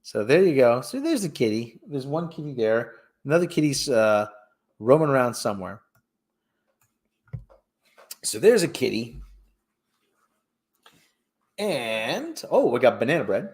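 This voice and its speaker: A man's voice: medium pitch, sing-song, unhurried, pauses often, a little mellow. A man hosting a casual livestream who chats loosely and reads news stories aloud, rambling and tripping over words as he goes. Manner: rambling, stumbles over words while reading. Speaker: livestream host.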